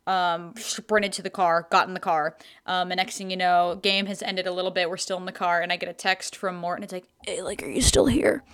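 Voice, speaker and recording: A woman's voice: fairly low pitch, level tone, a little fast, few pauses, fairly bright tone, clean tone. A young adult woman co-hosting a podcast, telling a story in casual chat, swearing freely and laughing often. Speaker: podcast co-host.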